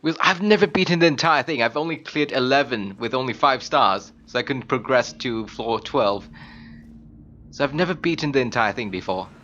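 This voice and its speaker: A man commentating live on his own gameplay, chatting casually and bursting into loud screams and laughs at the game. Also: medium pitch, expressive, moderate pace, highs cut off. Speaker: game streamer.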